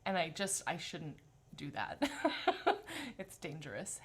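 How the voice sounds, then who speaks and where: A woman voice teacher leading a live-streamed vocal warm-up class, giving gentle, encouraging instructions, greeting viewers by name, and demonstrating hums and sung sounds. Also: low voice, sing-song, takes it slowly, slightly rough.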